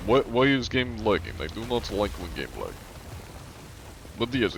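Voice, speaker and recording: A man's voice: medium pitch, a little hiss or hum, voice pushed up, natural voice, rough recording. A man putting on a thick, stereotypical Russian accent, voicing a big sweaty KGB interrogator during an in-game role-play on a live stream. He drops articles as he talks.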